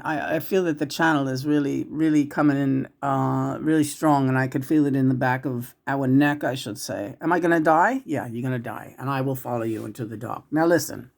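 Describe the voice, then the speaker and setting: In a low, creaky voice, a psychic channeler chats casually about spirits. She tends to ramble and restart, her volume swinging from loud to hushed.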